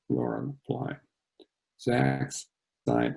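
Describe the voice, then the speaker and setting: A male author reads his novel aloud over a video call and talks about it between passages, conversational and animated. His voice is gravelly and dark, and it moves through a wide pitch range. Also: a little slow, poor audio. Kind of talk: reading his novel with commentary.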